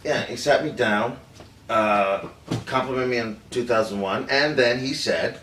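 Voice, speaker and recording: A man plays an older film director piecing together a secret memory, halting and full of restarts. He sounds set back from the mic in a roomy space, with a faint hum of room noise behind him. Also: medium pitch, fairly bright tone, recorded from a distance, natural voice. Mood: hesitant. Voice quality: halting, hesitant, many fillers and restarts. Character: older male film director recalling a secret White House meeting. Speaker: actor in a staged confession. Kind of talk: rehearsed improvised storytelling.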